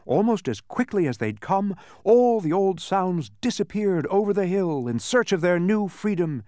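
A man narrating a storybook in an expressive, sing-song reading. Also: medium pitch, no echo, studio quality.

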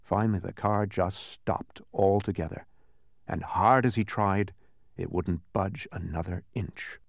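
Male storybook narrator, gravelly, dry close mic. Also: sits low, no room sound. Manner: expressive, slowing down for effect.

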